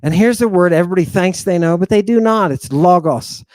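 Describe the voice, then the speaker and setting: A man teaching Ancient Greek words, dramatic and teasing, who swings from loud exclamations to low murmurs and draws out his pronunciations. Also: no room sound, clean studio sound. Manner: teasing, confrontational with the listeners; drawn-out emphatic pronunciation.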